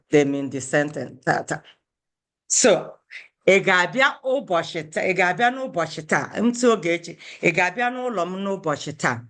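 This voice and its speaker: A woman's voice: on the low side, fairly bright tone. A woman from Owerri, teaching an online language class over a video call and patiently repeating words as she switches between languages. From Owerri, Nigeria. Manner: explains patiently, repeating Igbo words and mixing them into English.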